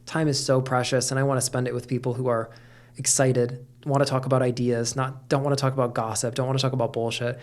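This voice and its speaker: A man's voice: medium pitch, level tone, fast. Candid, casual-talking man on a podcast. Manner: candid, swears freely, many fillers. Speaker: podcast guest, coach. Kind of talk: casual conversation.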